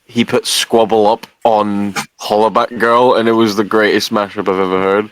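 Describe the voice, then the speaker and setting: A man's voice: on the low side, little pitch movement, moderate pace, a crowd in the background, rough recording. A man co-hosting a podcast, joking and sometimes trailing off mid-sentence. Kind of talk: casual chat.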